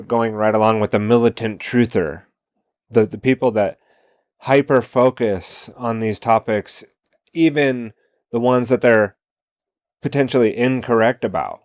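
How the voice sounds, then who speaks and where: A man's voice: on the low side, darkish tone, no room sound, clean studio sound. A man hosting a solo commentary show, talking casually and posing one rhetorical question after another. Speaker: podcast host.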